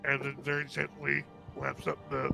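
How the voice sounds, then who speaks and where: A man's voice: mid-range voice, completely flat delivery, moderate pace, creaky, over music. A man playing a tabletop role-playing game, describing what his wolf character does. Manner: narrates his animal character's actions with a laugh. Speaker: player.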